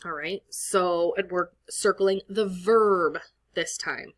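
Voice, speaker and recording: A woman teaching a Spanish class, explaining each step patiently and clearing her throat now and then. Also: fairly low pitch, slow pace. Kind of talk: screen-recorded lesson walkthrough.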